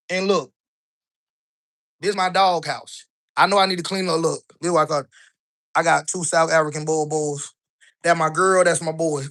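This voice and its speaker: A man's voice: sits high, sharp tone. A man strolls through a house, filming himself on a handheld phone for a live stream. His talk is loose and conversational, and he keeps checking in with the viewers as he goes. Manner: loose, chatty, keeps asking "right?". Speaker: online business coach. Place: indoors in a house, walking room to room.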